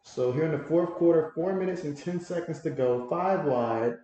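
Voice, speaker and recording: A man hosting a livestream, giving casual play-by-play commentary and reading viewer comments aloud with excitable reactions. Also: on the high side, moderate pace. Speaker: livestream host doing play-by-play. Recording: very echoey room.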